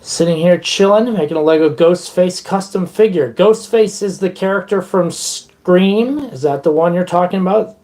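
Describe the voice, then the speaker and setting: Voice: mid-range voice, normal speed, few pauses, warm tone. Playful rambling live streamer. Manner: playful, rambling, breaks into improvised silly songs. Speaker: livestream host and musician. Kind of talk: casual live-stream chat.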